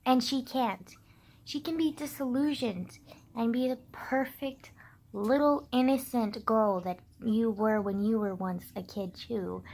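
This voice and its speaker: A woman's voice: a little high, measured pace, a little mellow, low-quality recording. A young woman ranting casually to camera, heated and sarcastic, swearing often and filling her talk with "like". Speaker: vlogger.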